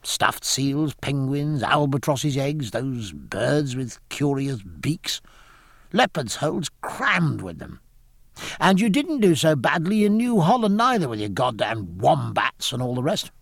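A man voicing a hearty middle-aged naval captain who talks in brisk, jovial sea slang. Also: mid-range voice, big pitch swings, gravelly, fairly bright tone, slightly rough, no room sound, studio quality, exaggerated voice.

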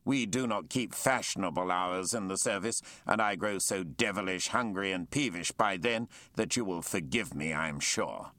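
A man's voice: sits low, normal speed, few pauses, pushed and bright, no room sound. A man playing a bluff, hearty sea captain. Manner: bluff, hearty, old-fashioned courtesy. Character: hearty male naval captain, genial and bluff.

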